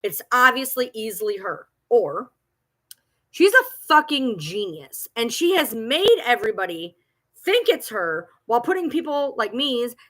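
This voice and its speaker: A woman's voice: a little high, very animated, measured pace, fairly bright tone. A woman at home ranting on a livestream, agitated and profane, repeating herself as she talks back to critics. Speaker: TikTok creator. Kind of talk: livestream rant.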